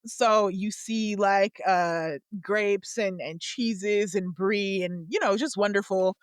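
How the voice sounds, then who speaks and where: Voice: mid-range voice, takes it slowly, clear, resonant tone, no room sound, studio quality. A person narrating a tabletop game as game master, in a casual, descriptive way with fillers.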